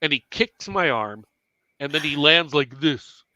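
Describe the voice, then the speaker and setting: A man casually telling a self-mocking story on a live stream, animated and swearing freely. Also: fairly high pitch, measured pace, no room sound, muffled recording.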